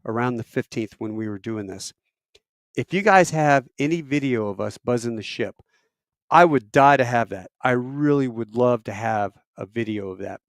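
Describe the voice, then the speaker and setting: Middle-aged man, veteran spinning a tall tale: lively, rambling, self-mocking, dry close sound, mid-range voice. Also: moderate pace, no room sound. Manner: animated, acts out quoted voices with big pitch jumps; self-deprecating, rambling with fillers. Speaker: military veteran storyteller. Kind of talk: casual storytelling.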